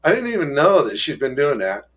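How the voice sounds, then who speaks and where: A middle-aged man telling a personal recovery story, halting and emotional, with many restarts and trailing pauses, raising his voice when he acts out quoted people. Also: fairly high pitch, sing-song.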